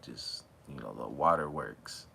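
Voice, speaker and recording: A man hosting a relaxed livestream chat, talking in a slangy, drawling way while high. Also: unhurried, gravelly, husky. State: high from smoking. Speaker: livestream host. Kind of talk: casual chat with live chat viewers. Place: outdoors or near an open back door, windy. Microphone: phone.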